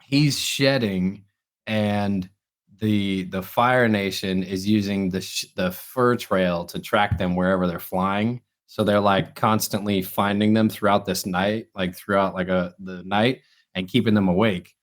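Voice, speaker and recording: A man's voice: fairly low pitch, fairly even intonation, a little slow. A young man co-hosting a podcast in casual chat, a rambling storyteller talking through a stuffed-up nose. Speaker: podcast co-host.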